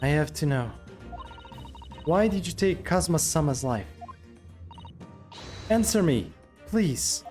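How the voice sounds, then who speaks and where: A man's voice: fairly high pitch, big pitch swings, slow pace, long pauses, darkish tone, soft background music. A man reading the lines of an earnest young woman assistant in a game, in a pleading, heartfelt way.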